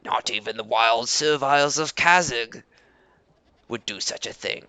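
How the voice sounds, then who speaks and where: A man voicing a proud, guarded male leader of a servile tribe in a fantasy game, speaking in a formal, measured way. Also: mid-range voice, pushed and bright, no echo, voice pushed down.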